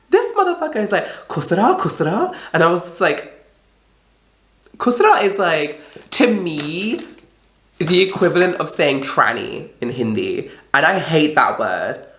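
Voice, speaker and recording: A woman's voice: sits low, big pitch swings, unhurried, fairly bright tone. A young woman telling a story in a casual, chatty vlog, swearing often and acting out the people she quotes. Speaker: vlogger. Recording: echoey room.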